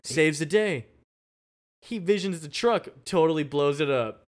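A man's voice: fairly high pitch, animated, a little slow. A young man co-hosting a podcast, chatting casually about a TV episode, laughing often and dropping slang. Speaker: podcast co-host. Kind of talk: casual recap chat.

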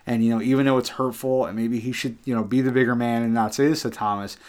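Speaking fast in a steady, medium-pitched voice, a podcast co-host earnestly recounts scenes from a book during casual conversation, quoting lines and chuckling now and then.

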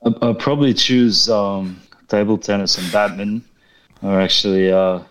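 A man's voice: on the low side, steady tone, normal speed. A man from Australia calling in to a podcast, chatting easily with laughs. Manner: easygoing, laughs, says mate often. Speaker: guest calling in. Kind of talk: casual chat on a call.

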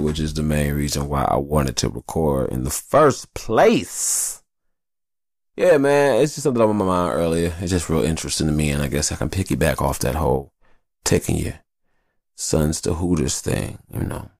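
A man hosting a podcast alone, talking in a casual, rambling and profane monologue, telling stories in an animated way. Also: rumbling low, no echo, studio quality. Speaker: podcast host.

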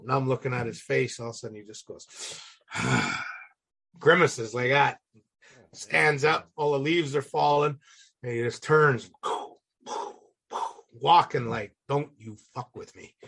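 A middle-aged man telling a casual, salty story as a podcast guest, acting out the people in it with animated voices. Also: medium pitch, measured pace, creaky, husky.

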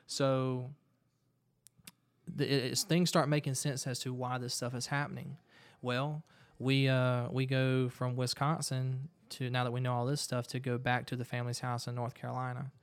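A man's voice: mid-range voice, level tone, moderate pace, clear, resonant tone. A man earnestly retelling a story in casual talk, with frequent restarts.

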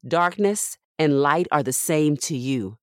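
Woman scripture reader, deep voice, dry close studio sound, measured and reverent. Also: animated, no room sound. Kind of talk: scripture reading.

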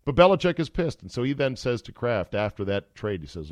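A man's voice: on the low side, animated, brisk, few pauses, no room sound. A middle-aged man hosting a sports podcast, delivering an opinionated, jokey monologue. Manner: opinionated, jokey, acts out quotes.

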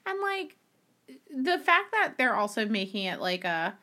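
A woman's voice: fairly high pitch, sing-song, a little slow, pushed and bright. A woman co-hosting a podcast who chats bluntly and laughs often, with a lot of "like" in her talk. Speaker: podcast co-host. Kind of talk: casual reality-TV recap chat.

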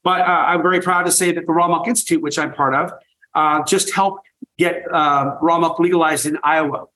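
A man's voice: a little high, fairly even intonation, fairly quick, pushed and bright, low-quality recording. An older man, a farmer and guest, telling stories with enthusiasm and emphatic repetition. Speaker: guest, raw milk farmer. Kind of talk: energetic interview talk.

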